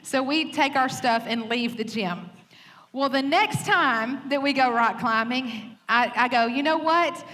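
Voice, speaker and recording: A woman pastor telling a funny story in a sermon, animated, laughing often and acting out quoted lines. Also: high-pitched, measured pace. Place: church stage. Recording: reverberant hall with faint noise.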